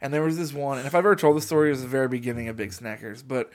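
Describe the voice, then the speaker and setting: A young man chats casually on a podcast, spinning a long anecdote. He laughs often and slips into quick impressions of the people in his story. His voice sits at an ordinary middle pitch. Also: fairly even intonation, slight background noise.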